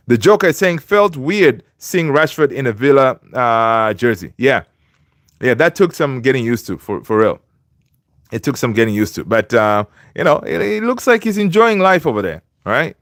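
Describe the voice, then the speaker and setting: A man's voice: mid-range voice, no echo, clean studio sound. A man hosting a football fan livestream in a loose, chatty way, reading viewer comments aloud and greeting viewers by name. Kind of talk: casual livestream chat.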